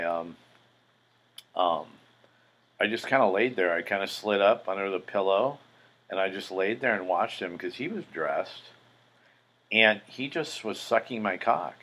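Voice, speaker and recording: Deep-voiced man rambling through a story. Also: a bit bright, rough recording. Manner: rambling, profane, many fillers. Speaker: podcast host. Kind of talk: casual storytelling monologue.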